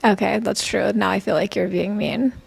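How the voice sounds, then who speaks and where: A woman hosting an interview podcast, talking in a deadpan, teasing way with vocal fry. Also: medium pitch, moderate pace. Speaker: podcast host.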